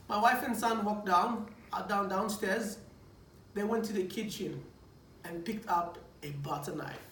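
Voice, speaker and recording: A man, a preacher, giving a personal testimony in a lively storytelling manner, stumbling over restarts and repeating words as he goes. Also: sits high, unhurried. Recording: echoey room, distant mic, faint noise.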